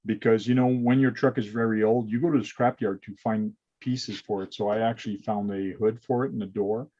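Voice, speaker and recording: A man's voice: fairly low pitch, steady tone, a little fast, warm tone. A man hosting a casual hobby livestream, explaining things step by step with plenty of uh's over a video call. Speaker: host. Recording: lo-fi dull sound.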